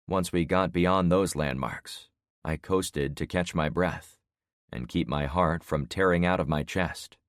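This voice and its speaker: A man in his sixties narrating an audiobook in the first person with steady storytelling. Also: low-pitched, unhurried, smooth, dry recording, studio quality. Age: 60s.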